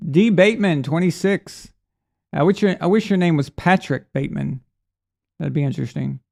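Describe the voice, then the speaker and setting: A middle-aged sports show host reads super chats during a live stream, speaking at a moderate pace in a fairly high, creaky, slightly mellow voice. He chats loosely, restarts his rambling stories, and voices the people he quotes.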